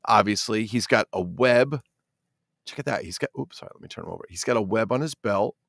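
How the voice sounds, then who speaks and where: A man's voice: lowish voice, brisk, creaky, fairly bright tone, no room sound, studio quality. A middle-aged man hosting a casual toy-collector livestream, rambling and swearing while he reads the chat.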